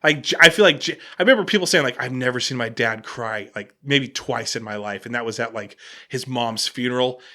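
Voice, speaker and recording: A man hosting a casual podcast, telling an animated story and restarting his sentences often. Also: mid-range voice, brisk. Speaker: podcast host.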